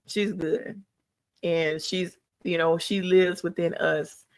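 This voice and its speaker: Gravelly woman giving earnest encouragement. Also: on the low side, flat delivery, slow. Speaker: podcast host. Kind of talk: live podcast tribute talk.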